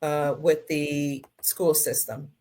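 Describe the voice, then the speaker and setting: A woman hosting a casual livestream, reading viewer comments, emotional and tearful, her voice swinging between soft and loud. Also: deep voice, level tone, slow. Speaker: livestream host.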